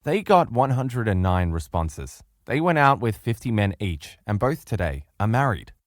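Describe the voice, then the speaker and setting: A middle-aged man delivering a motivational relationship lesson, earnest and emphatic. His pitch swings widely from line to line as he presses his points. The recording is dry and close. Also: big pitch swings, moderate pace, no room sound. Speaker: relationship course instructor. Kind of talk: recorded self-help lecture.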